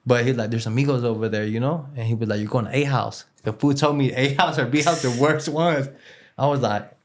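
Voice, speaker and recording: Here a man with a mid-range voice talks a little fast, with a faint hiss or hum on the audio. As an interview guest, he spins a casual, rambling prison story in street slang laced with Spanish, heavy on fillers and repetition.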